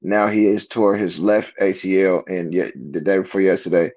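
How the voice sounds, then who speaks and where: Laid-back low-voiced man, sports talk. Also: fairly even intonation, moderate pace, a little mellow, no room sound, muffled recording. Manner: laid-back slang, says bro a lot.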